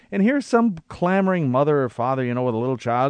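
A man's voice: mid-range voice, very animated, quick pace, clean tone, no room sound. A man reading scripture aloud and reflecting on it in a conversational Bible study. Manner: reads scripture aloud, then reflects thoughtfully.

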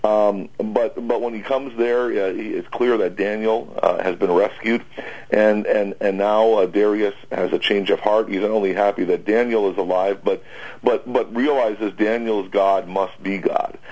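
Pastor, male, lowish husky voice, hesitant unscripted radio talk with frequent fillers. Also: steady tone, a little mellow, rough recording. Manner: halting, many fillers and restarts. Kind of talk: conversational Bible discussion.

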